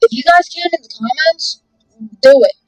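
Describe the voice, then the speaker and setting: High-voiced woman doing game commentary. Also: moderate pace, no echo, low-quality recording. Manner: reads game text aloud with jokey asides. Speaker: gaming video host. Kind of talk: let's play commentary.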